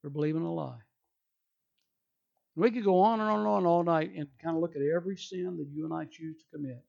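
A man's voice: on the high side, a little fast, vocal fry, a little mellow, dull audio. A male pastor preaching a sermon emphatically, acting out people's excuses in quoted voices.

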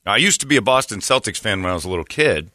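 A man's voice: on the low side, expressive, racing, bright, forceful tone, dry recording. A man hosting a morning radio show, ranting and mocking in casual banter. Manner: brash, mocking, ranting, slips into put-on voices. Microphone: studio microphone. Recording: dry studio sound.

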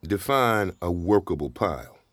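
A deep-voiced wisecracking drifter. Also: male voice, lively intonation, normal speed, a bit bright, dry recording. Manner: wisecracking, talkative, laughs often. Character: down-on-his-luck divorced father, chatty and wry. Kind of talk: radio drama acting.

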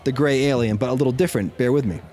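A man with a mid-pitched voice hosts a casual podcast chat with his co-hosts. He tells his story in a loose, rambling way, stopping to correct himself and laughing often. When he gets excited, his voice jumps up. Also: very fast. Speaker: podcast host.

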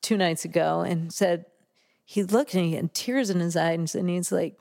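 A woman's voice: on the low side, expressive, normal speed, gravelly, a little mellow. Woman, forties, interview guest; candid, conversational, laughs through her stories. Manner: candid, laughs often while telling stories. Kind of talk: casual interview talk.

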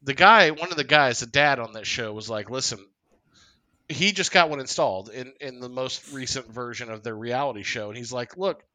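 A man co-hosting a casual comedic podcast, telling stories in a deadpan, mock-serious way. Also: medium pitch, fairly quick, few pauses. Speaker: podcast co-host.

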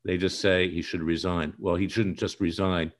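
A man's voice: low voice, level tone, moderate pace. A man hosting a political monologue, talking in a combative, accusatory and emphatic way. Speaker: political commentary host. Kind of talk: direct-to-camera political monologue.

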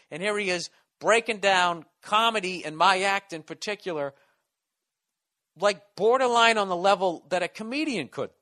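A male stand-up comedian tells a story casually and profanely, with lots of restarts. His voice sits a bit high and sounds bright and forceful. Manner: rambling, swears a lot, restarts sentences.

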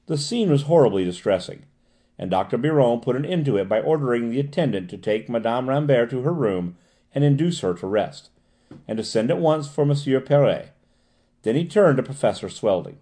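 A man narrating a classic novel as an audiobook reader, steady and expressive. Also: medium pitch, brisk. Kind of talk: scripted narration.

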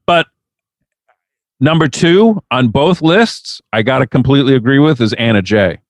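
A man's voice: medium pitch, animated, normal speed, no room sound. A man co-hosting a podcast, riffing with sarcasm and plenty of swearing. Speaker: podcast co-host. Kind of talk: casual chat.

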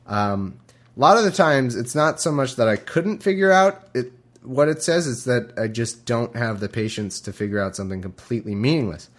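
A man talks in an irreverent, sarcastic way, breaking off and restarting his sentences. His pitch swoops widely, lively and animated, from a middle register. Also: normal speed. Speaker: podcast host reading scripture. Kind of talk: casual commentary with readings.

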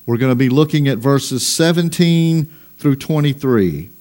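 A man's voice: mid-range voice, darkish tone. Emphatic man preaching a sermon. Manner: preaching with emphatic, rising stresses and slow drawn-out lines; reads scripture aloud in old-fashioned wording. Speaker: pastor.

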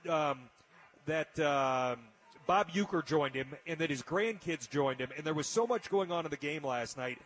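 Radio host, man, slightly husky, heartfelt storyteller. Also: on the high side, animated, moderate pace, a bit bright. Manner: storytelling, emotional, frequent restarts. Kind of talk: casual radio chat.

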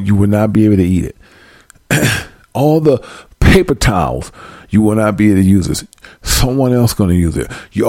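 Husky low-voiced man preaching. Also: darkish tone, no room sound. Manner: slow drawn-out scripture reading, mocking asides. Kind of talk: preaching with scripture reading.

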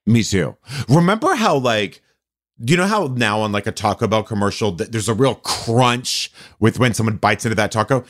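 A man co-hosting a podcast, chatting casually and telling gossip with animated storytelling. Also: on the low side, normal speed. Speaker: podcast co-host. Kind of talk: casual chat.

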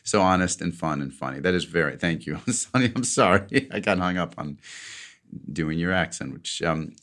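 Middle-aged male podcast host, very low voice, chatty and self-deprecating, laughs easily. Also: expressive, moderate pace, fairly bright tone. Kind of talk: casual podcast chat, reading a listener letter.

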